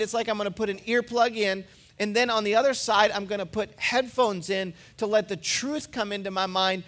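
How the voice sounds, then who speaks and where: A pastor with a high-pitched voice gives a sermon from the pulpit. He preaches in a relaxed, conversational manner and weaves personal stories into his points.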